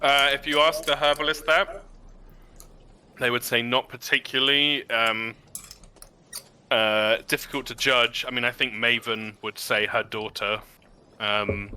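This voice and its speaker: A man narrating and running a tabletop role-playing game in a relaxed, chatty way. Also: medium pitch, normal speed, a little hiss or hum. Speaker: game master.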